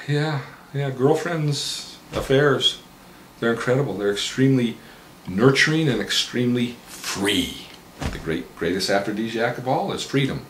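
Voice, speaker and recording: A man working as a therapist, recounting a client session with animated, dramatizing delivery. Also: mid-range voice, unhurried, slight background noise. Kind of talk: storytelling lecture. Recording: roomy echo, faint ambience.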